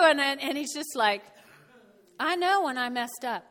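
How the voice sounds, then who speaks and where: A woman pastor delivers a lively, folksy sermon in a bright, high voice. She whoops and chuckles between points. Her words carry with the long reverb of a church hall. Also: moderate pace.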